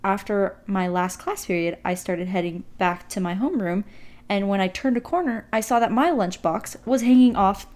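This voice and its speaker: A woman's voice: mid-range voice, moderate pace, darkish tone. A woman co-hosting a podcast, telling stories and reading a listener's submission in a casual way, often breaking into giggles. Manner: giggly, bursts into laughter. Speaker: podcast co-host. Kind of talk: casual storytelling.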